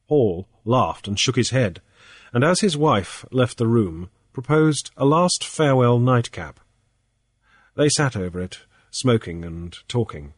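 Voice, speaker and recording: Measured male audiobook narrator. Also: medium pitch, no echo, studio quality. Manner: measured, steady storytelling.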